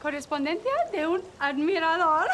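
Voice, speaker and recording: A woman's voice: extremely high pitch, big pitch swings, normal speed, a bit bright, slight background noise, exaggerated voice. An actress playing a bubbly, endlessly cheerful young woman presenter in a TV sketch, gushing and giggly. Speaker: sketch character. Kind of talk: comic TV sketch acting.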